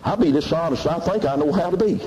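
A man preaching a fiery revival sermon in church, shouting and laughing between exclamations. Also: on the high side, quick pace, lo-fi sound. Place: church service with congregation. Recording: loud crowd noise in church. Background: loud congregation responding.

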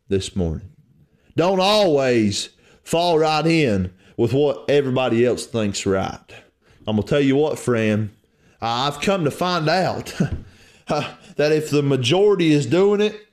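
A man preaching a sermon with a rural Southern US accent, fervent and folksy, swinging his voice up and down. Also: a little mellow. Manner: fervent, swings high and low in pitch, folksy repeated "friend".

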